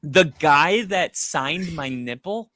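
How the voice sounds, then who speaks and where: On a laid-back football podcast, this male co-host animatedly tells stories and acts out the quotes. His voice is fairly high, he speaks slowly, and the recording is dry.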